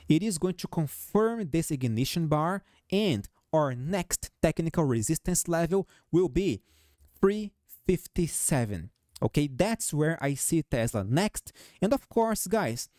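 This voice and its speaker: A man's voice: on the high side, warm tone. This is a man hosting a stock-market chart breakdown, and he speaks with a noticeable foreign accent. His intonation rises and falls a lot as he calls out levels and targets. He often turns to viewers with "guys" and "right?", and the recording is dry with no room echo. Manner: peppers talk with "okay?", "right?" and "guys". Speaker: stock market analyst host. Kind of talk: technical chart analysis commentary.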